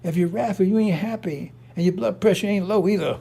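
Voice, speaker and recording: A man's voice: high voice, normal speed, gravelly, pauses often, warm tone, breathy edge. A middle-aged man giving a casual preaching monologue as a religious commentator, rambling and repetitive, blunt and profane.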